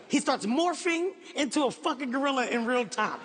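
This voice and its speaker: A man performing stand-up comedy on stage, telling a story in a loud, animated, profane way. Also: extremely high pitch, moderate pace, few pauses. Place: stage before a live audience. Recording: echoey hall, faint noise.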